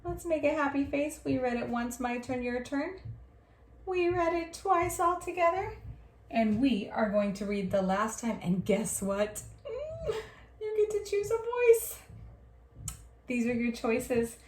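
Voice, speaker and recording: A woman teacher leading young children through a reading lesson, modelling each line slowly and praising them. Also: fairly high pitch. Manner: slow, drawn-out modelled reading with encouraging praise. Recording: roomy echo.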